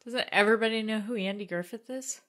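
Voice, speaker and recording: Bright, teasing woman co-host. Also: mid-range voice, fast. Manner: playful, teasing, laughs often. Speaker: podcast co-host. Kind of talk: casual chat.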